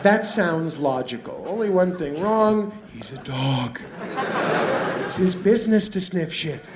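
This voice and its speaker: A man's voice: high voice, expressive, measured pace, over a noisy crowd. A male stand-up comedian performing for a live theater audience, acting out pets and owners with sudden squeals. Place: large theater stage. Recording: roomy live theater recording, audience noise.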